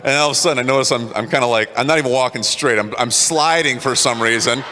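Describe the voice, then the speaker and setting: A man giving a motivational talk, telling personal stories in an animated way and acting out quotes. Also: medium pitch, fast talker, big-room sound. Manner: animated, acts out quotes, laughs at himself. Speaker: motivational speaker. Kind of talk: storytelling talk to an audience.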